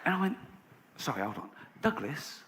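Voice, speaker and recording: Middle-aged English stand-up comic, sardonic delivery with sudden high-pitched voicings, recorded in a reverberant venue with audience noise. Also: male voice, very animated, normal speed. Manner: sardonic storytelling, voices other people with pitch jumps. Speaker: stand-up comedian. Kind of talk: stand-up routine. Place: large live venue.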